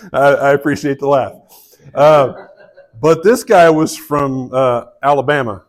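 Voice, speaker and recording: A man with a Southern US accent preaching a sermon to a live congregation, telling a story in a relaxed way with many fillers. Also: medium pitch, slow, pauses often. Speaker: pastor.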